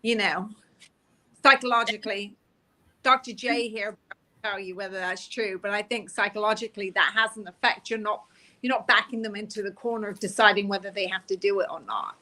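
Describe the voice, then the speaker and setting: In a mid-range voice that's bright and forceful, this middle-aged Englishwoman, a police officer, talks fairly quickly with fairly even intonation. It's casual interview storytelling, and she chats, laughs and pokes fun at herself.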